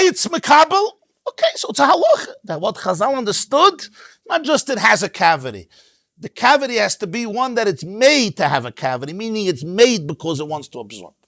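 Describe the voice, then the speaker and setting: Man, rabbi, lively lecture, fairly high voice, dry close sound. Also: no room sound. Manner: animated, emphatic, sprinkles Hebrew terms. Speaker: rabbi teaching a Torah class. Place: synagogue.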